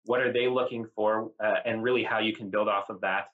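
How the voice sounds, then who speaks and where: A man hosting an interview, asking halting questions full of fillers. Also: lowish voice, steady tone, phone-quality sound. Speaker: host.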